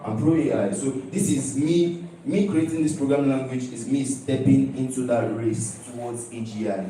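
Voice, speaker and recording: A young man from Nigeria presents his student project in a mellow, relaxed voice. He stresses his points and repeats them, often checking in with his listeners. He sounds far from the mic in a very echoey hall. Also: medium pitch, normal speed, slight background noise. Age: young adult. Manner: emphatic, repeats key phrases, keeps asking "do you understand?". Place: large lecture hall. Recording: echoey hall, heard from a distance.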